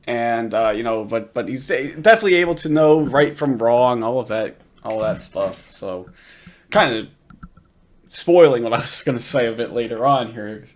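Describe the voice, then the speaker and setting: Male commentary host, animated pitch, rambling and profane. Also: moderate pace. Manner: rambling, swears often, laughs at clips. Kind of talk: casual reaction commentary.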